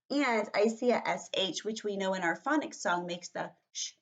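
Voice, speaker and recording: A woman who is a kindergarten teacher, giving a vocabulary lesson to young children in a slow, encouraging way and often checking with "right?". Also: medium pitch, muffled recording. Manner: slow, encouraging, with lots of rhetorical questions.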